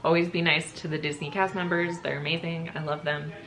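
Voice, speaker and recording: A young woman vlogger telling a storytime, her voice sitting a little low. She is openly emotional, choking up and laughing through tears as she talks. A faint background hiss sits under the recording. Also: fairly even intonation, a little fast. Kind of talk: casual storytime.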